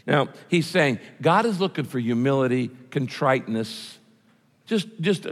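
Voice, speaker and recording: A man's voice: mid-range voice, very animated, moderate pace, vocal fry. Impassioned male preacher, hall reverb. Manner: impassioned, repetitive, emphatic. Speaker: pastor. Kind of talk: sermon.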